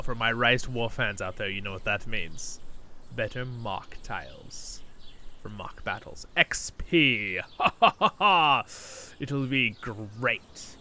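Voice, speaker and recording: A man's voice: medium pitch, measured pace, slight background noise. A sleepy man hosting a gaming channel, chatting casually at his computer into a new microphone and chuckling often. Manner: relaxed and rambling, chuckles often. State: sleepy, just woke up. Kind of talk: casual gameplay commentary. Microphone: new desktop microphone.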